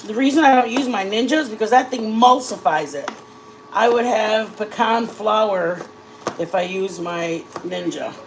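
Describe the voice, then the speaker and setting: A woman's voice: medium pitch, moderate pace, background noise. A woman in her forties, a vlogger, chatting casually with her viewers while baking at home and telling long stories. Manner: chatty storyteller addressing viewers directly.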